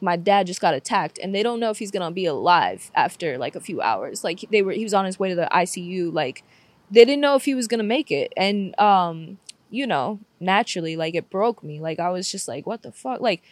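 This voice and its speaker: A woman's voice: fairly low pitch, dry recording. A young woman telling a painful personal story with candor and frequent swearing, close to tears at times. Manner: candid, swears often, says "like" a lot. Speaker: podcast guest.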